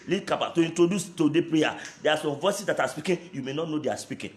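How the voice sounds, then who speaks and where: A man's voice: a little high, animated, fast talker, hardly any pauses. Brief: male pastor, fervent prayer leader, tongues between lines, roomy echo. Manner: speaks in tongues between shouted prayer lines, switches to Yoruba.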